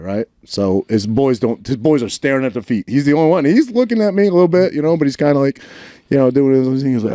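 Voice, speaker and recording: A man's voice: mid-range voice, quick pace, dark tone, no room sound. A man, telling a story in a casual podcast chat and acting out the lines he quotes. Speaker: podcast co-host.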